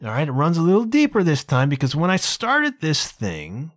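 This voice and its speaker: Animated chatty male podcast host. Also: on the high side, moderate pace, no room sound, studio quality. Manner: chatty, animated, full of asides like "man" and "you know". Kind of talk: casual solo podcast monologue.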